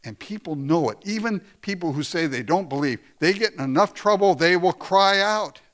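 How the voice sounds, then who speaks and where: A man's voice: high voice, expressive, normal speed, a bit bright. A man preaching a conversational sermon, often laughing and acting out quoted lines. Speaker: pastor.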